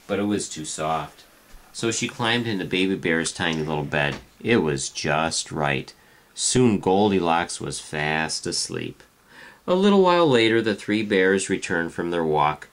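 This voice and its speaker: Father reading bedtime story, very low voice, lively pitch, faint noise behind. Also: a little slow. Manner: gentle, playful, talking to his baby.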